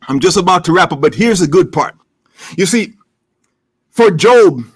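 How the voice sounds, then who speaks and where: A man's voice: high-pitched, a bit bright. A man preaching a sermon in a church, building up with emphatic, repeated phrases. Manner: preaching with rising, emphatic repetition. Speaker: pastor.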